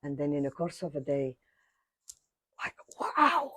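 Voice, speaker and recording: An older woman telling a personal story in animated fashion, acting out other people's voices, with non-native grammar. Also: sits low, quick pace, no room sound. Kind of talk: animated anecdote.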